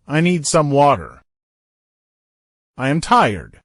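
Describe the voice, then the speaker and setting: Lively-voiced man reading practice phrases. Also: fairly high pitch, unhurried, no echo, studio quality. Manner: reads each short phrase, then a longer sentence. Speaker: English teacher. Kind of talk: reading example phrases for learners.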